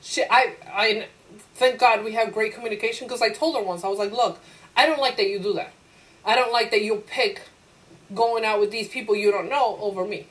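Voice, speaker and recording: In a lively classroom lecture, a female teacher voices her own inner thoughts as quotes, throws rhetorical questions at the students, and laughs readily. Her pitch sits in the middle range and her pace is brisk, though the audio quality is poor.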